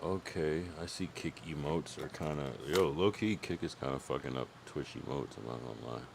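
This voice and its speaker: Low-voiced casual male streamer. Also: normal speed, gravelly, background noise. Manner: rambling, profane, thinks aloud about music. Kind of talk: casual livestream chat.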